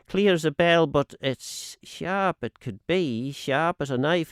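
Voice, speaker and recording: A man reading a dialect narrative poem aloud on radio, measured and expressive, lifting and dropping his voice for the quoted speakers. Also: no echo, clean studio sound. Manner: measured and expressive, swinging pitch on quoted lines. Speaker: radio reader. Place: radio studio.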